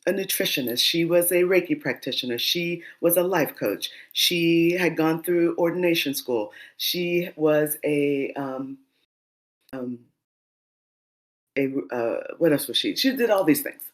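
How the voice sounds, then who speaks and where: A woman guest telling a story in a casual interview, lively, laughing and acting out the dialogue. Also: low voice, a little slow. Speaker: doula and guest.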